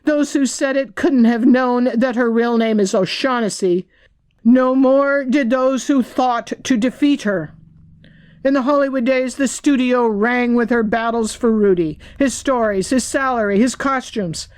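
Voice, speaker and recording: A woman narrating her own book as an audiobook, in a measured, reflective reading. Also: fairly high pitch, darkish tone.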